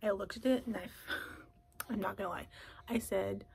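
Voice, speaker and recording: A young woman vlogging in a casual chat from a closet at home, talking softly and often slipping into a whisper. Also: mid-range voice, steady tone, normal speed, gravelly, husky. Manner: soft, often drops to a whisper.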